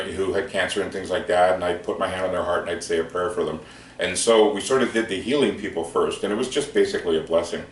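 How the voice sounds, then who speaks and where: Deep-voiced man telling a gentle story. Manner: gentle, conversational, many fillers. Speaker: speaker recounting prayer sessions. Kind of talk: storytelling talk. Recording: echoey room, distant mic, faint noise.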